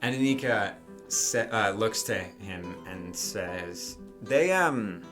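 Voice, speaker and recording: A man's voice: low-pitched, slow pace, music in the background. A man running a tabletop role-playing game as game master, narrating loosely and using many fillers like "um" and "like".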